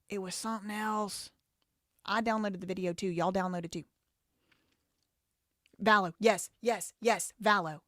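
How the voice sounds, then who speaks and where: A woman's voice: mid-range voice, a bit bright, dry recording. Brash woman host, live commentary, fiery and cussing, dead-dry room. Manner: heated, blunt and profane. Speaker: show host.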